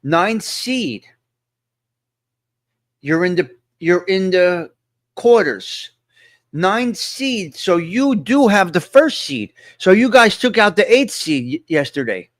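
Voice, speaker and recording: A man's voice: sits high, very animated, takes it slowly, no echo, studio quality. A man hosting a casual live-stream chat, talking to viewers and repeating his points with emphasis. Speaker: host.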